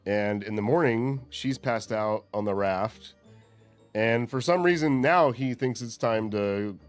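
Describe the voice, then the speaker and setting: A man's voice: fairly low pitch, unhurried, soft background music. A man co-hosting a casual movie recap, laid-back and crude, swearing freely. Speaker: podcast co-host.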